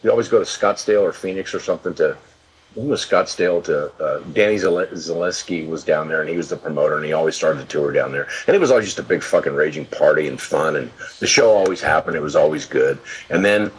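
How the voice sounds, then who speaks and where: A man's voice: a bass voice, fast talker, a little hiss or hum, poor audio. A man in his sixties telling rambling, profane stories in a casual interview, restarting his sentences often. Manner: profane, animated storyteller with many restarts. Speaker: guest, live event production executive.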